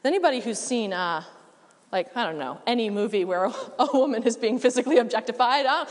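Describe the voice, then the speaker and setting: A woman's voice: a little high, a little fast. Woman preaching in a reverberant church. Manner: conversational, relaxed preaching with casual asides. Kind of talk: sermon.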